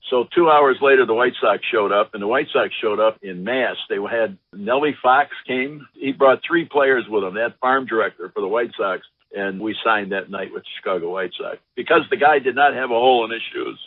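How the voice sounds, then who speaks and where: An older former ballplayer telling lively anecdotes in an interview, acting out the voices of the people he quotes. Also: mid-range voice, normal speed, few pauses, no room sound. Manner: animated anecdotes, acts out quotes. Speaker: former baseball pitcher, guest. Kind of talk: storytelling interview. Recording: dry, phone-like line.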